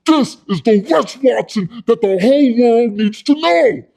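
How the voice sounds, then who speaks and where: A man doing a shouting, boastful fitness guru. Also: mid-range voice, fairly even intonation, normal speed, natural voice. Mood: angry shouting. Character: brash loud male fitness guru pitching to investors.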